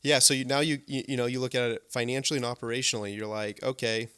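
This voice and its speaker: A man's voice: medium pitch, steady tone, racing, fairly bright tone, clean tone. A man hosting a podcast interview, talking with eager energy, repeating himself and tagging his points with "right?". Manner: enthusiastic, repeats words, many "right?" tags. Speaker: podcast host. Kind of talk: casual interview chat.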